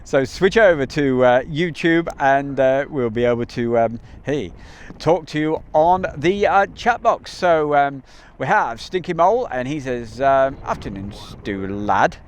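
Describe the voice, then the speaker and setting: A man's voice: a little high, lively intonation, measured pace, hardly any pauses, smooth. A man hosting a casual live stream outdoors near an airbase, chatting in a rambling way with many ums and uhs, recorded on a camcorder mic.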